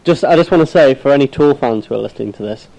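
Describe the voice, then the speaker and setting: A young man from England co-hosts a laid-back podcast, eager and chatty about bands he loves. His voice is mellow and warm, with an everyday middle pitch. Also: fast, vocal fry, low-quality recording. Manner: eager, enthusiastic. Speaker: podcast co-host. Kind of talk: casual chat.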